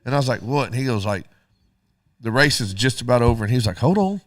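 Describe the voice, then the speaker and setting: A man's voice: medium pitch, fast talker, no room sound, studio quality. A middle-aged man, co-hosting a radio show and telling a story casually while acting out both sides of the dialogue.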